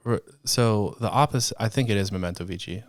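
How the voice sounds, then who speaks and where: A man with a very low voice co-hosting a casual podcast. He rambles through explanations, thinking aloud as he goes, and the sound is close and dry with no room echo. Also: a little fast. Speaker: podcast co-host. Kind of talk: casual chat.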